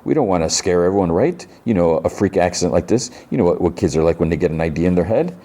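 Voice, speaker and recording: A man voicing a smug young tech genius in a podcast recap, talking fast and breezily. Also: sits low, animated, warm tone. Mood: glib.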